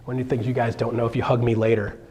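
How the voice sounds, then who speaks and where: A man, a realtor, giving an energetic, joking seminar talk on stage to a live audience. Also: mid-range voice, rapid-fire, slight background noise. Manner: energetic, joking, with sudden loud bursts.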